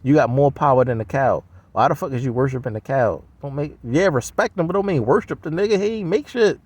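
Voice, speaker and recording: A man's voice: medium pitch, fairly quick, a little mellow, slightly rough, dry recording. A man delivering a blunt, heavily profane, scoffing solo rant. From United States.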